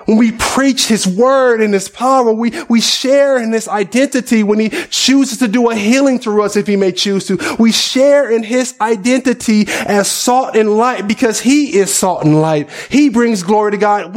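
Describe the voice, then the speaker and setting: Male pastor, high voice, conversational sermon that questions the congregation.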